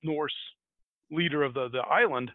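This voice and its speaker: This American podcast host has a somewhat high voice and a moderate pace, chatting casually as he meanders through a folktale and laughs at himself. The recording is tinny, phone-like, and dry, with no echo.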